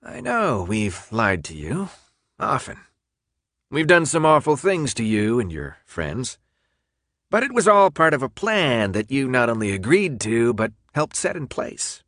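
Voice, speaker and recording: A man's voice: mid-range voice, wildly swooping pitch, measured pace, no echo, clean studio sound, heavily acted. A man doing a cold, volatile older official. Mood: grave. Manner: clipped, swinging from quiet to shouting.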